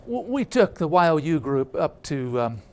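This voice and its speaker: A man's voice: on the high side, sing-song, normal speed. A man preaching a storytelling sermon, rambling with many filler sounds and restarts.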